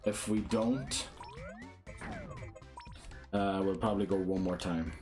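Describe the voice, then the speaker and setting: Brief: male streamer, lowish voice, chatty and self-mocking, game music playing behind. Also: steady tone, takes it slowly, a little mellow. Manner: chatty, self-deprecating, thinking aloud to viewers. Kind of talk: casual live gameplay commentary.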